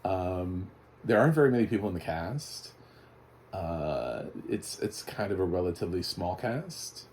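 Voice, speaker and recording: A man's voice: low voice, lively intonation, moderate pace, a little mellow, a little hiss or hum. A man giving a casual, chatty spoken movie review, often laughing. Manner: chatty, laughing, mock voices for quotes.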